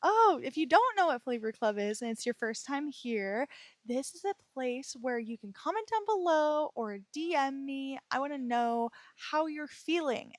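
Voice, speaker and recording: A woman hosting her own podcast, talking casually and gently reassuring her listeners, tired and emotionally heavy, often stumbling over words and laughing at herself. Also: sits high, lively intonation, normal speed, no echo, studio quality. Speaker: podcast host. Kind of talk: casual solo podcast talk.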